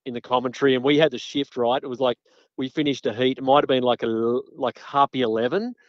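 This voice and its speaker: A man's voice: medium pitch, steady tone, fast talker, no room sound, lo-fi sound. A man, a podcast guest telling laid-back stories and swearing freely. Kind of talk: casual anecdote telling.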